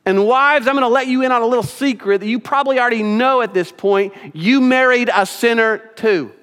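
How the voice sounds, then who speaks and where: High-voiced pastor preaching in a reverberant church. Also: male voice, a little fast, clean tone. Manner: swings from loud emphatic points to soft hushed asides, repeats phrases. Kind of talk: sermon. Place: church sanctuary. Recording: church sanctuary with long reverb.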